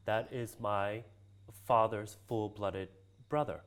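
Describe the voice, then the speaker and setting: A Hawaiian guest who is a cultural practitioner tells a story slowly in a casual interview, his low voice clean and steady in tone. He laughs often and imitates the voices of the people he quotes.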